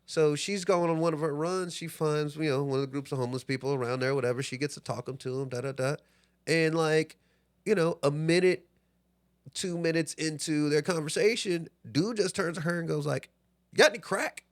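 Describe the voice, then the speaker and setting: Animated, swearing young Texan man. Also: a little fast. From Texas. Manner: animated storyteller, swears freely, acts out quotes in a high voice. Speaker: podcast co-host. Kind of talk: casual chat.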